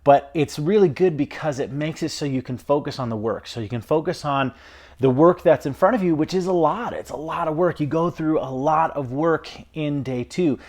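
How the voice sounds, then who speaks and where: A man's voice: fairly high pitch, normal speed, a little mellow. Enthusiastic man recording a video diary. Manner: enthusiastic, earnest. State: out of breath. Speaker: vlogger. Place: at home.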